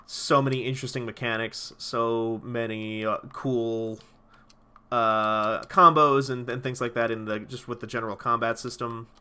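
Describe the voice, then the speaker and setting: Bright-voiced male game streamer. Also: mid-range voice, steady tone, normal speed, smooth. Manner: rambling, profane, enthusiastic. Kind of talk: casual gameplay commentary.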